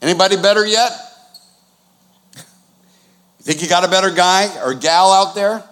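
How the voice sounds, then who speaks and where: A man's voice: high-pitched, normal speed, fairly bright tone, clear, resonant tone. A man, preaching a conversational sermon with sudden swings in volume. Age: 60s. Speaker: pastor. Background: new-age music.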